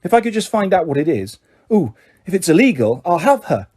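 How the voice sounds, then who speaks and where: A determined, bookish schoolgirl, done by a male reader in an audiobook, pitched up and brisk. She talks insistently, with a mellow tone. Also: sing-song, slightly rough, full character voice. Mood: lecturing.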